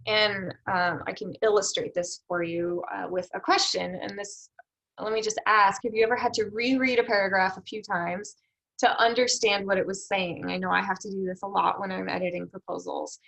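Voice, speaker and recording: A woman's voice: mid-range voice, fairly even intonation, normal speed, creaky, a bit bright, low-quality recording. A woman giving a recorded lecture on editing proposals, explaining step by step with rhetorical questions and frequent fillers. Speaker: research development instructor.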